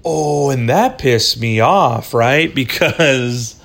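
A man's voice: mid-range voice, slow pace, vocal fry, a bit bright. Rambling, cussing podcast storyteller, male. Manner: profane, rambling, says "dude" and "right?" often. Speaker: podcast host. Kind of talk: casual storytelling.

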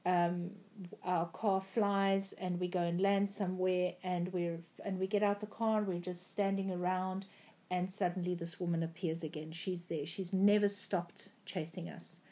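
A woman's voice: on the low side, flat delivery, a little slow, mellow. A woman earnestly recounting a prophetic dream, with frequent ums and restarts. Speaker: Christian speaker.

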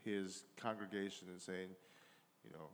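A man's voice: low voice, steady tone, a little slow. A man in casual podcast banter who tells jokey stories and puts on silly voices. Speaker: podcast co-host. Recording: long reverb, faint noise.

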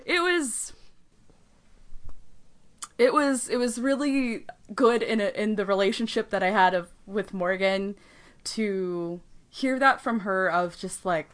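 A woman co-hosting a podcast in casual chat, telling a story with lively quoted voices, frequent laughter and swearing. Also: mid-range voice, slow pace. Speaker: podcast co-host.

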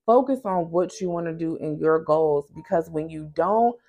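A woman's voice: deep voice, moderate pace, warm tone, highs cut off. A woman who runs a small business and hosts a podcast, talking frankly and conversationally, straight to her listeners. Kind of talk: candid motivational talk.

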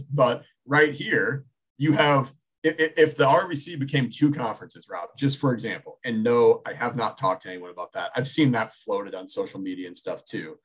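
A man's voice: mid-range voice, normal speed, a bit bright, husky. A man in his thirties co-hosting a casual sports talk show, thinking aloud with many restarts.

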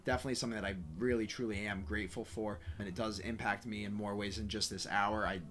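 A man's voice: on the low side, little pitch movement, fast talker, a bit bright, a little hiss or hum. A man co-hosting a podcast, reflective and upbeat, swearing freely in casual chat. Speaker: podcast co-host.

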